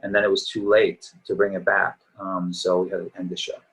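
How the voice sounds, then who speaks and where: Low-voiced middle-aged man, easygoing and tired. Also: flat delivery, a little fast, fairly bright tone, rough recording. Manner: easygoing, reminiscing, rambling. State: slightly tired voice. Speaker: actor guest. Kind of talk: casual interview chat.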